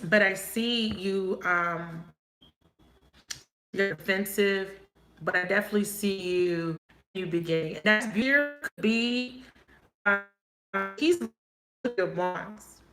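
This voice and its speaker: A woman's voice: medium pitch, slow pace, pauses often, reverberant, music in the background. A woman reading tarot cards in a casual live chat, swearing now and then and laughing often as she talks to viewers. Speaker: tarot reader.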